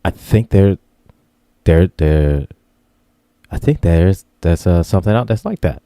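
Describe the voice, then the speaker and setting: A man's voice: low voice, lively intonation, measured pace, warm tone, clean tone, no room sound, studio quality. A man co-hosting a casual podcast chat, rambling in an easygoing way with lots of fillers. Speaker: podcast co-host.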